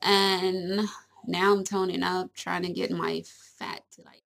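A woman's voice: fairly low pitch, level tone, measured pace, gravelly, fairly bright tone. A young woman chatting casually to camera at home. She is giggly and rambling and fills her talk with little asides. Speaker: vlogger.

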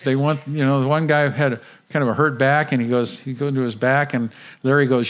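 A man of middle pitch holds the room with a dramatic first-person story, telling it vividly and with animation. He stumbles over and repeats words as he gets caught up in the tale. He speaks as a guest at a church service. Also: moderate pace, a little hiss or hum.

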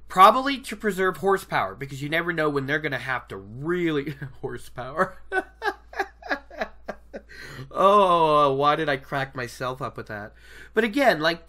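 An excitable podcast host rambles through a book discussion, laughing often and cracking himself up. The voice is bright, with a tone that swings high and low.

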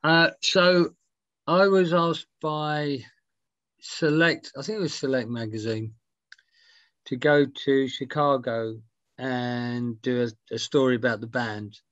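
Man telling animated stories. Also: medium pitch, takes it slowly, no room sound, lo-fi sound. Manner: animated anecdotes, swears freely, acts out quotes. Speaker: interview guest, music writer. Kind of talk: storytelling in a casual interview. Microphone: video call.

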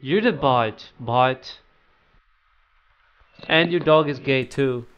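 A man's voice: mid-range voice, slow pace, smooth, lo-fi sound. A man who makes gaming videos, chatting casually during a match and teasing and trolling his teammates in playful banter. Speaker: gaming YouTuber. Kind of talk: casual gameplay chat.

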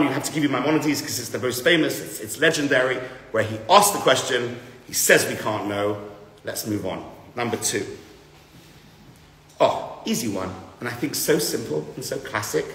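A man teaching a class as a rabbi to a live group, animated, swinging from loud emphatic bursts to quiet asides. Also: medium pitch. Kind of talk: lively lecture to a live group. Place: large room with an audience. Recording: roomy hall with long reverb.

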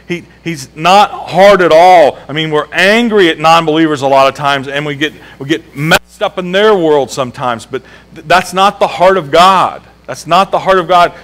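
A man's voice: a little high, a bit bright, low-quality recording. A male pastor preaching a sermon in a church, emphatic and repeating key phrases, asking the congregation questions. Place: church sanctuary.

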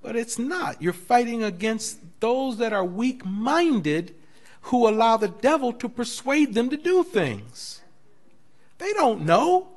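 A man, a pastor, teaching a Bible class in a lively preaching style, telling stories and acting out quoted voices. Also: extremely high pitch, slow. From United States. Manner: animated preaching with storytelling, laughing asides; acts out quoted voices in dialogue.

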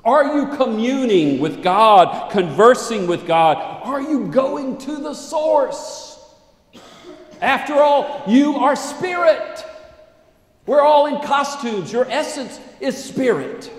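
A male pastor preaching a sermon in a dramatic way, swinging between loud declaiming and hushed asides. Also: very high voice, expressive, takes it slowly. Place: church sanctuary. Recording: echoey church sanctuary with long reverb.

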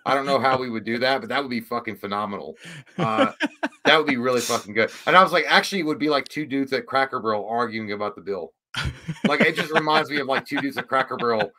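A man's voice: medium pitch, quick pace, pushed and bright. A man hosting a casual livestream, rambling and swearing, easily frustrated. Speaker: livestream host.

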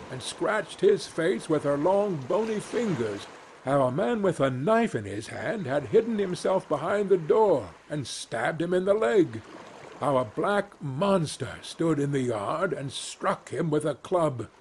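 Slow, lilting male bedtime storyteller. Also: a little high, a little hiss or hum. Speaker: narrator. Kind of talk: bedtime fairy-tale reading. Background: faint ambient sounds.

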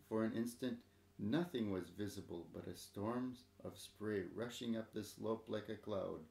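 A man reads a story aloud in a measured, dramatic way. His voice is low and gravelly. The reading carries a roomy echo. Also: darkish tone. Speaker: narrator.

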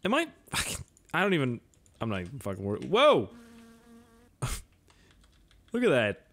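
Excitable, lively-voiced man playing a game. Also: mid-range voice, moderate pace. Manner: excitable, profane, jokey, yelps and laughs at the game. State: tipsy. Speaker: gaming video host. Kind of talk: gameplay commentary.

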